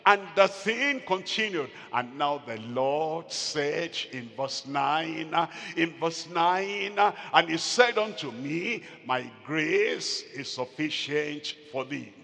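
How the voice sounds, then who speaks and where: A male pastor preaching a sermon, slow and emphatic, repeating phrases and calling out to the congregation. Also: fairly high pitch, lively intonation, creaky, pushed and bright. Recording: long hall reverb.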